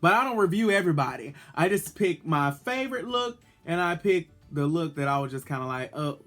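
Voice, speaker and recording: A man's voice: on the high side, sing-song, brisk, fairly bright tone, faint music behind. A man, a drag queen vlogger, chatting in a sassy, playful way as he reviews an episode. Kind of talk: casual video review.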